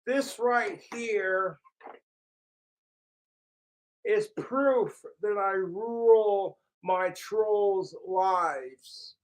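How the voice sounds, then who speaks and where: A man's voice: high-pitched, extremely slow, long pauses, rough recording. A man ranting casually to camera, profane and mocking about his trolls. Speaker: vlogger.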